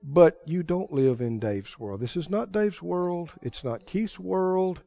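Male pastor, fervent sermon, swooping animated pitch, slightly muffled sound. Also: takes it slowly, vocal fry. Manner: fervent preaching with sudden loud praise and laughter.

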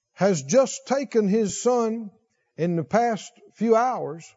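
A man with a dark-toned voice preaches a sermon, reading from scripture and putting questions to his congregation along the way. He speaks slowly, and his pitch climbs whenever he stresses a point. The recording is muffled.

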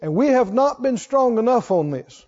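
A man preaching a sermon as pastor, slow and emphatic, leading his congregation in call-and-response. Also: very high-pitched, expressive, a little mellow, in a large hall, dull audio. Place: church sanctuary.

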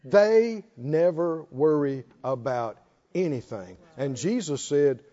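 A man's voice: a little high, lively intonation, takes it slowly, dark tone. A man preaching a sermon. He drives it with rhetorical questions and joking asides, and calls on the congregation to answer back. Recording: dull lo-fi sermon recording.

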